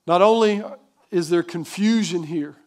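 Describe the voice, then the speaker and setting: A man's voice: high-pitched, measured pace, a little mellow. A man preaching a sermon as pastor, emphatic, putting questions to the congregation.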